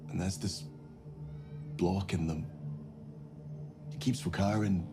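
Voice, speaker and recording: A man's voice: sits low, steady tone, slow. An actor playing a guarded young man, who talks bluntly and is haunted by dreams. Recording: played under show music.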